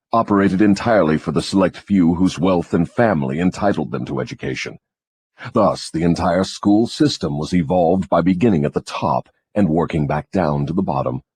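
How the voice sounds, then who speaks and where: A man voicing a deep, husky gloating devil. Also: a little mellow. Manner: mocking, gloating, lecturing. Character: scornful male devil, gloating and cunning. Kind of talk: audiobook dramatization.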